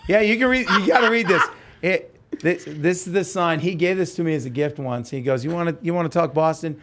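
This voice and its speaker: A man's voice: on the high side, a little fast, a bit bright. Effusive man hosting a casual chat. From Oregon, USA. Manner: effusive, enthusiastic, exclaiming. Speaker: podcast host.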